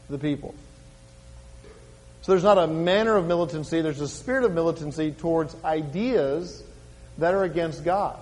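A middle-aged male pastor preaching a sermon, reading scripture slowly and with emphasis, then dropping to a quiet, conversational tone. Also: sits high, long reverb tail. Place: church.

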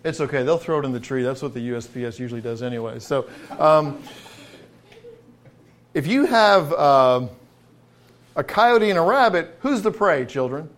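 A middle-aged man preaching a sermon in a folksy way, building to emphatic, drawn-out stresses on key words. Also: a little high, animated.

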